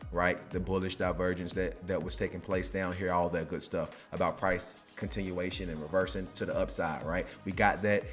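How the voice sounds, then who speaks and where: A man with a deep, low voice talks through crypto charts in a casual, rambling style. He tags almost every phrase with "right?" and keeps an easy, conversational flow. Faint music plays softly in the background. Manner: keeps tagging lines with "right?", loose and chatty. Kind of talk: casual screen-share market commentary.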